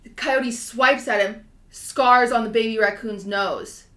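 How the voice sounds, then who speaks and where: A young woman in her twenties, a podcast co-host, chatting casually and telling a story in an animated way, full of fillers. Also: on the high side, a little slow, echoey room. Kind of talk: casual chat.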